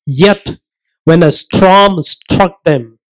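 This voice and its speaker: A man preaching a sermon, earnest and emphatic, asking rhetorical questions and slowing down to stress his points. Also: sits high, poor audio.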